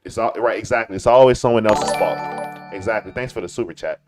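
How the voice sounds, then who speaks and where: A man's voice: lowish voice, fast, faint music behind. A man hosting a live-stream, ranting in a combative way, stumbling over restarts and mocking others in whiny voices. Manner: combative, repetitive, stammering restarts. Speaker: streamer host. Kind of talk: live-stream commentary rant.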